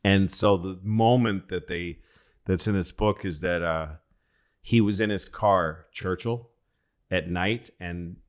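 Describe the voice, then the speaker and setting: A man with a lowish voice tells a loose, profane history story on a comedy podcast. He rambles, restarts and gets animated as he goes. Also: slow, smooth.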